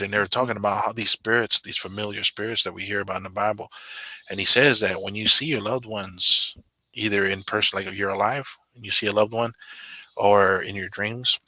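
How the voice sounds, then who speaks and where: An earnest man recounts a personal story in casual conversation, full of fillers and restarts. His voice sits low but has a very bright, edgy timbre. The sound is close and dry. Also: no echo. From Samoan. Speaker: channel member guest. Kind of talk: casual video call chat.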